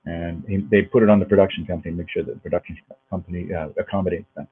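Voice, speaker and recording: A man's voice: sits low, steady tone, rapid-fire, slight background noise. A male actor and dialect coach, a guest on a video-call interview, talking in a rambling way with many restarts. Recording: tinny lo-fi video call audio.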